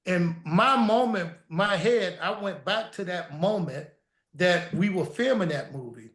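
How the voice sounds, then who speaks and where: A man with a high voice tells his stories in an animated, lively way and slips into the voices of the people he quotes. The recording has a roomy echo. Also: unhurried. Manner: animated storytelling, acts out quoted dialogue. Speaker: guest storyteller. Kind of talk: casual interview chat. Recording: echoey room.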